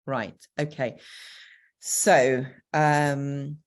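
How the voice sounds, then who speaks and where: A woman's voice: rumbling low, steady tone, drawn-out words. A woman with a Northern English accent, a co-parenting coach giving practical, encouraging advice in a Q&A, with frequent ums. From Northern England. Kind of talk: answering a question in a Q&A.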